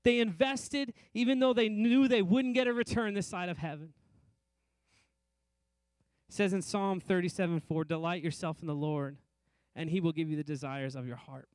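Middle-aged preacher guy, kinda high voice, dry close sound, repeats lines and slows down to hit the big points. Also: steady tone, no echo. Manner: varies emphasis, rising and slowing on key phrases; repetitive, rhythmic preaching. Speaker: pastor. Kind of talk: sermon.

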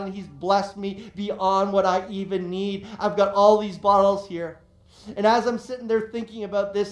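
Pastor preaching in an echoey room. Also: male voice, sits high. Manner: conversational storytelling with many repeated words. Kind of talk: sermon.

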